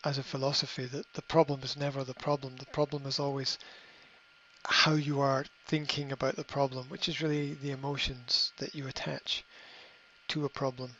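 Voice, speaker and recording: A middle-aged man hosting a podcast, giving a motivational monologue in a halting way, repeating words and filling pauses with ums. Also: mid-range voice, level tone, bright, forceful tone, slight background noise. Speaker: podcast host. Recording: slightly dull lo-fi audio.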